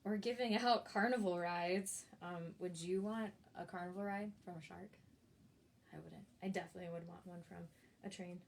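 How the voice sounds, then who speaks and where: A woman's voice: on the low side, steady tone, normal speed, gravelly, a little hiss or hum. A woman librarian reading a picture book aloud for children at storytime. She talks in a chatty way and asks the listeners questions. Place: library, recorded for an online video.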